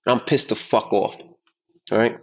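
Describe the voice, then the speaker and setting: Animated, swearing man telling a story. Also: mid-range voice, normal speed. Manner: animated, profane, acts out quotes loudly. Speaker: podcast co-host. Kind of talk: casual storytelling chat.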